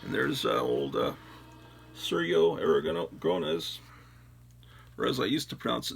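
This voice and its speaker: Rambling older man with gravelly voice. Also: mid-range voice, very animated, a little fast, low-quality recording. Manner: rambling, chatty, self-deprecating. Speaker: host. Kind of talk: casual solo chat while sorting comics. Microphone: phone. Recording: music clearly playing behind. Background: music.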